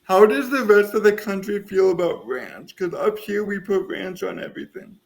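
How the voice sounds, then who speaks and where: Gravelly high-voiced man in his thirties. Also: normal speed. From US Midwest. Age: 30s. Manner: chatty, rambling, self-mocking. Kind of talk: casual podcast chat.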